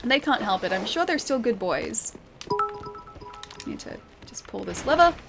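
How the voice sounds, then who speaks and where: A woman's voice: mid-range voice, lively intonation, a little slow, gravelly. A young Australian woman with a city accent, chatting casually and giggling while she streams a game and reads her chat aloud. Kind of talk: casual livestream commentary. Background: game music.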